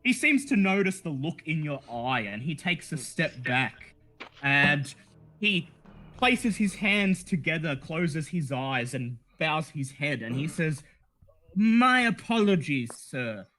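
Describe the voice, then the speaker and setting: A man's voice: on the high side, animated, slow, sharp tone. A man narrating a tabletop horror game as game master, calling for checks. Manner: calls for dice checks, repeats phrases.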